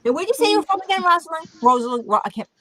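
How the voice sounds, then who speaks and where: A woman hosts a casual livestream over a video call. Her voice sits high and swoops all over as she teases her guests. She talks in an animated, playful way. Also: very fast, crowd noise. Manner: animated, teasing. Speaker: livestream host. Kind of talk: casual chat.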